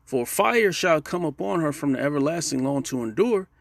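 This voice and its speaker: A man's voice: a little high, animated, moderate pace, creaky, no echo. A man preaching a casual sermon and reading scripture, stressing his points and closing nearly every phrase with "man" and "all right?". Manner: emphatic, call-and-response checks with listeners.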